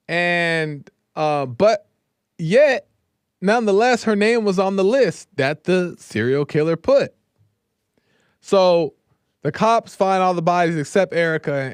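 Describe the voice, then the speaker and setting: Smooth-voiced man telling a story casually. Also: a little high, no room sound, clean studio sound. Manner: conversational, keeps checking in with "right?". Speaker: host. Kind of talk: casual true-crime storytelling.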